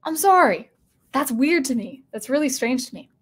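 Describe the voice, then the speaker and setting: Brief: woman host, casual commentary, somewhat high pitch, animated with restarts. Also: normal speed, breathy edge. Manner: animated, acts out quoted lines, frequent restarts.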